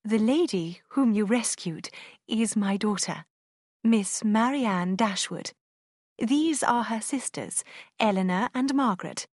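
Woman reading as calm gracious mother, gentle and measured, dry sound. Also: mid-range voice, no echo.

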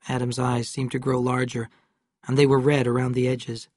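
A man reading a novel aloud in calm, measured scripted narration. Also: mid-range voice, no echo, clean studio sound. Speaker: audiobook narrator.

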